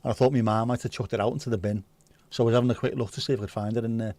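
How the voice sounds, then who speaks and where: A man's voice: medium pitch, fairly even intonation, racing, a little mellow, dry recording. Man, 50s, livestream host, chatty storyteller, swears freely, dry close sound. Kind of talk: casual chat reading viewer comments.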